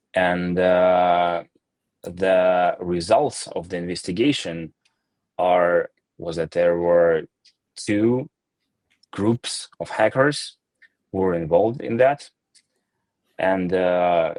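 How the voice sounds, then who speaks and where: A company founder answering audience questions in a live Q&A, talking in a measured, hesitant way with many fillers and restarts. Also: male voice, sits low, darkish tone, no echo. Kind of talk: live Q&A session.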